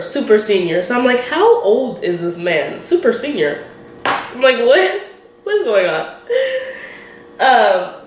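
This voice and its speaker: A young woman in her twenties telling a story while doing her makeup, animated and giggly, acting out what people said. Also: fairly high pitch. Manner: animated, quotes people in lively voices, giggly. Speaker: beauty vlogger. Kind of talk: chatty get-ready-with-me storytelling. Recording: roomy echo with faint hiss.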